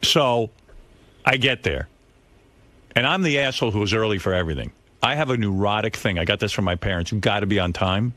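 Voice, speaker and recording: A man's voice: lowish voice, animated, a little fast, pushed and bright. A man hosting a radio show and telling a rambling, self-mocking story in casual chat.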